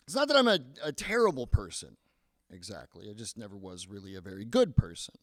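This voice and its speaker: Animated self-deprecating stand-up comedian man. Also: on the low side, fairly quick, no room sound. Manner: self-deprecating, stammers into punchlines. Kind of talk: stand-up set. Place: comedy club stage.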